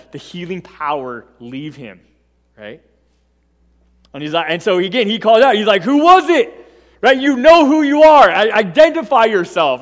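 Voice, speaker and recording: A man's voice: sits high, fairly bright tone. Man, pastor, sermon storytelling, acts out quotes, keeps asking "right?", long hall reverb.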